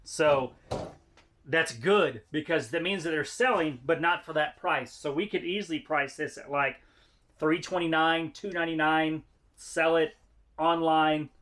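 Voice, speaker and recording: A man's voice: fairly high pitch, steady tone, measured pace, a bit bright. A man vlogging as he unboxes items, chatting casually and thinking aloud about prices and profit. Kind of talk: casual chat.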